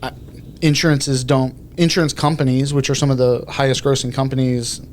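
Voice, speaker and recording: A man's voice: medium pitch, little pitch movement, fairly quick, a little hiss or hum. Rambling man, podcast co-host. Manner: rambling, loose sentences with many fillers. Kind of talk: casual podcast chat.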